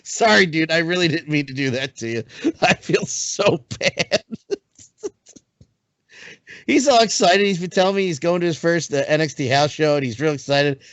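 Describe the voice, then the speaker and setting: A young male podcast host with a high voice who talks in an excitable, laughing way. He sounds close and dry, as if right at the microphone with no room behind him. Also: brisk, smooth, no echo. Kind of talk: casual chat.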